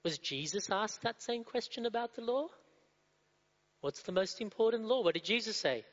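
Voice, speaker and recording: A man's voice: sits high, animated, normal speed. A male preacher giving a sermon, asking the congregation rhetorical questions and repeating key phrases. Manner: rhetorical questions, repetition, asks the audience. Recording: dull, muffled sound in a reverberant hall.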